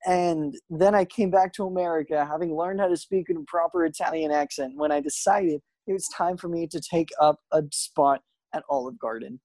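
A woman's voice: low voice, normal speed, hardly any pauses, mellow, no echo, natural voice. A woman doing a flustered fake-Italian man. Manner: sputtering, stammering excuses. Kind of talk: improv comedy sketch.

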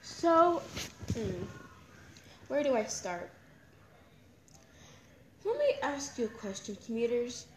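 Young woman, casual chat, open and emotional, bit high-pitched, echoey room with faint background noise. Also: sing-song, takes it slowly, long pauses, a little mellow. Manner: candid, rambling, emotional. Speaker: podcast host. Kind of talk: casual personal talk.

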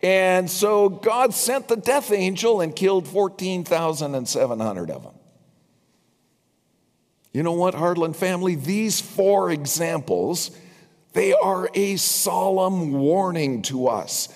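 Older guy preaching, kinda high voice, slow with wry little asides, big church hall echo. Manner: animated, wry asides to the congregation. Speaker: pastor. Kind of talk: sermon. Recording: long reverb from a large hall.

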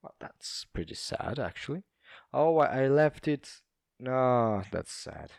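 A man's voice: mid-range voice, lively intonation, slow, creaky, a little mellow, dry recording, clean studio sound. A young Italian man with an Italian accent, rambling casually in a monologue, laughing often and full of fillers and restarts. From Italy.

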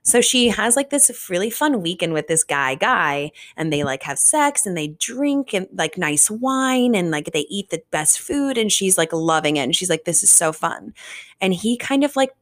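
Chatting casually on her podcast, a young woman recaps a book, dropping plenty of fillers and swear words. She has a lowish, slightly bright voice with a sing-song lilt and talks at a normal pace.

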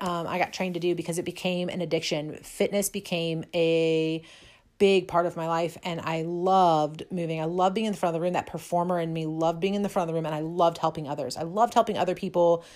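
Chatty woman with a lower voice. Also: darkish tone. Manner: chatty and self-deprecating, many fillers. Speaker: fitness instructor. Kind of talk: casual personal storytelling. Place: lives in a cold, snowy city.

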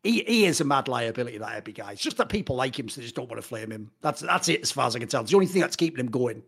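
A British man co-hosting an esports chat, ranting in a profane, animated way. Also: medium pitch, racing, gravelly, breathy edge. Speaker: esports co-host. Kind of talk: casual podcast chat.

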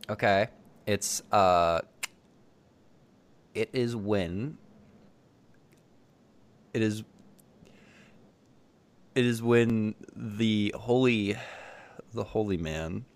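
Podcast host guy on a video call, jokey and teasing, lowish voice. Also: drawn-out words, pauses often. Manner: teasing, joking. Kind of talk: casual chat.

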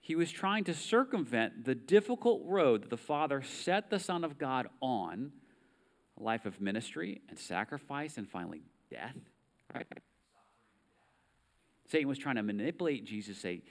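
A man's voice: medium pitch, very animated, normal speed. American guy preaching a sermon, medium voice, chatty, reads scripture and asks questions. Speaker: pastor.

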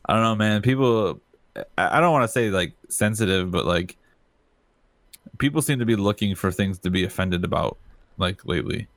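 A man's voice: on the low side, moderate pace, a bit bright, no echo. A male streamer in a casual chat, laid-back and blunt, swearing offhandedly.

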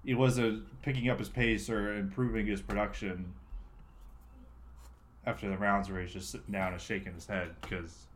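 Male co-host, low voice, hesitant and relaxed delivery, faint noise behind him. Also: moderate pace. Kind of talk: casual sports chat.

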